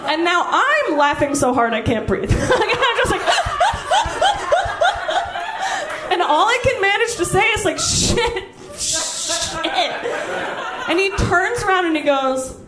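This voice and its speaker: A brash woman comedian tells a crude story in a stand-up set, with a high voice that swoops widely. She talks slowly, and the live stage recording is echoey with loud noise behind it. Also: wildly swooping pitch.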